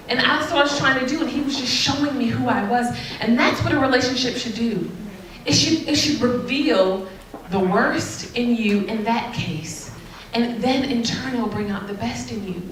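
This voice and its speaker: A woman giving a candid, sassy talk about relationships to an audience, animated and often laughing. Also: on the high side, moderate pace, a little hiss or hum. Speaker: speaker addressing an audience. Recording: very echoey, mic far off.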